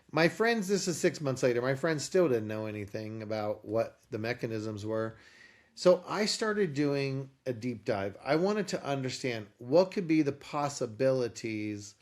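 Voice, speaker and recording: A man appears as a podcast guest and tells a long personal story in a mid-range voice at normal speed. He's an animated storyteller who acts out the conversations within it.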